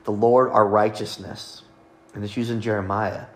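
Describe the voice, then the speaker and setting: A man with a fairly low voice talks at normal speed in a level tone. His sermon has him reading scripture aloud and teaching on it and on the names of God, with light asides to his hearers.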